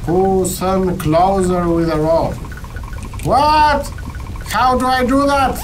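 High-voiced playful male gamer. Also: takes it slowly, slight background noise, rough recording. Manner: playful, dramatic, jokey. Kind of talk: playful game commentary. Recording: game music behind the voice.

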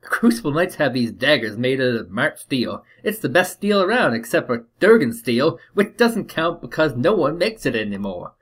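A man's voice: mid-range voice, big pitch swings, normal speed, hardly any pauses, breathy edge. A man voicing a scrappy seven-year-old homeless boy in a put-on Cockney accent, chattering and pleading in a game.

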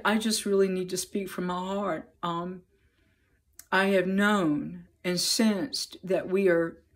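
A woman opening with a prayer, then sharing a heartfelt prophetic message in an earnest, halting way, with many restarts and ums. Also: on the low side. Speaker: Christian prophetic speaker.

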